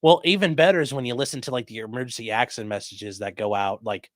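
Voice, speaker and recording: A man with a mid-range, expressive voice reads viewer comments aloud while chatting loosely on a casual livestream. He keeps a moderate pace and a fairly bright tone, recorded with clean studio sound and no room sound.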